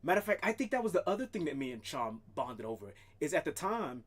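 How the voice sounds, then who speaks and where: A man's voice: fairly high pitch, fast talker, husky. A man streaming live, ranting casually and swearing a lot, sometimes talking to his cat. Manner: animated, profane, talks to his cat. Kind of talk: casual livestream rant.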